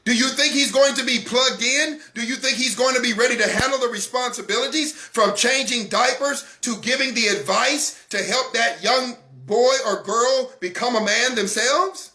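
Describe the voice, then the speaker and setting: Man, broadcast host, fiery repetitive talk, bright ringing voice, echoey room. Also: very high voice, normal speed, few pauses. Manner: emphatic and repetitive, hammering the same phrase; intense, refuses to calm down.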